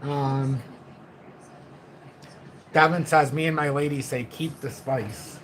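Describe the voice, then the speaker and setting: A middle-aged man hosting a casual livestream from home, reading viewer comments in a deliberately low, calm voice. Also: slight background noise, rough recording. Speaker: livestream host.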